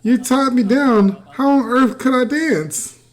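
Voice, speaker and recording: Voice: medium pitch, wildly swooping pitch, takes it slowly, a little mellow, voice pushed up. A player voicing a confused, dazed old man who pleads and quavers in bewilderment. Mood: bewildered.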